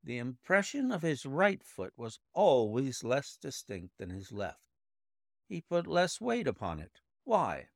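A man voicing a brilliant, precise male detective explaining his deductions in a measured way. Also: medium pitch, big pitch swings, gravelly, no room sound, studio quality.

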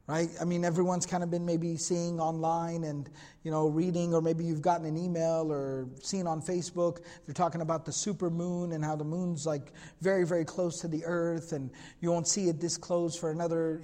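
A man giving a religious history lecture, reading passages in Arabic and retelling them in casual, animated storytelling. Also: high-pitched, in a large hall. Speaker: Islamic lecturer.

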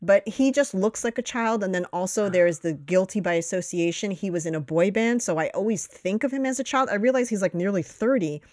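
A woman co-hosting a casual movie review chat, animated and swearing, her voice jumping up when she makes a point. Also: fairly quick, few pauses, dry recording, studio quality. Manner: animated, swearing, jumps in pitch when emphatic. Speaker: podcast co-host.

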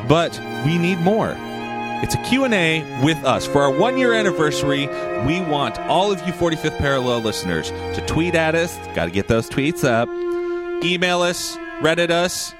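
A man's voice: fairly high pitch, big pitch swings, moderate pace, loud music behind the voice. A man hosting a podcast, chatting casually in an upbeat, jokey way. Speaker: podcast host and audiobook narrator. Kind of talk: casual chat.

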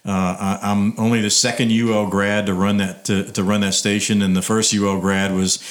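A man's voice: on the low side, level tone, fairly quick. A man from South Louisiana, a TV station manager, talking in an interview with many fillers and restarts. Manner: rambling, with many fillers and false starts. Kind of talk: casual interview talk.

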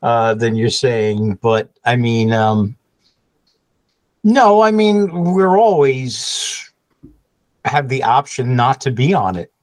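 A man co-hosting a podcast in casual chat, answering in hesitant, measured replies. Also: mid-range voice, big pitch swings, no room sound. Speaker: podcast co-host.

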